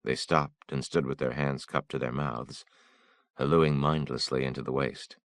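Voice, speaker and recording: A man narrates an audiobook in a measured, somber way. His voice is extremely deep and gravelly, recorded close and dry. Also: steady tone, no echo.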